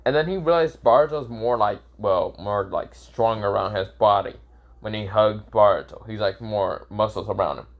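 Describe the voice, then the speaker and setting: A man's voice: lowish voice, moderate pace, muffled recording. Rambling young man telling a fan story. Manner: rambling, self-correcting, swears casually. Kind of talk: improvised fan story narration.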